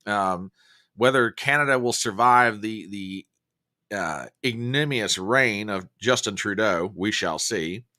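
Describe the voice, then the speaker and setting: A man's voice: fairly low pitch, unhurried, bright, forceful tone. A man hosting a casual live stream, chatting and joking and greeting viewers by name. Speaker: livestream host.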